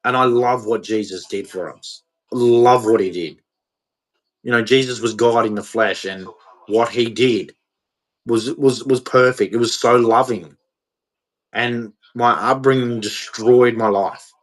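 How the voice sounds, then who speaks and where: A man's voice: mid-range voice, unhurried, low-quality recording. A man, ranting in an emotional monologue to camera, repeating himself as he goes. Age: 40s. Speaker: vlogger.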